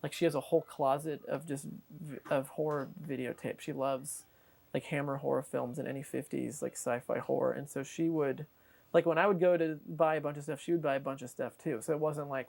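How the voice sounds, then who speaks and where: Rambling excited woman storyteller. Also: low voice, fairly quick, gravelly. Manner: rambling, lots of "like", animated quoting. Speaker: interviewee, tape collector.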